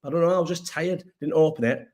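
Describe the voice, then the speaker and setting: Rambling, sweary lad. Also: male voice, a little high, fast, a little mellow. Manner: rambling, sweary, restarts often. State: sore throat, unwell. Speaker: host. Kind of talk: casual livestream chat.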